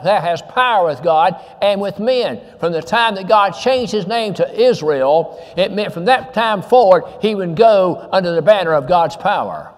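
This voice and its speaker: A man's voice: high voice, long reverb tail. A male pastor, preaching a sermon with emphatic repetition and scripture quotes.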